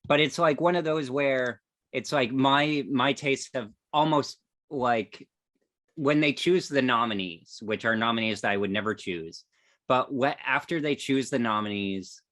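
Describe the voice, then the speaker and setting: A man's voice: medium pitch, unhurried, a bit bright, no room sound, studio quality. A man co-hosting a casual podcast chat, rambling and hedging with lots of "like" and "um". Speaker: podcast co-host.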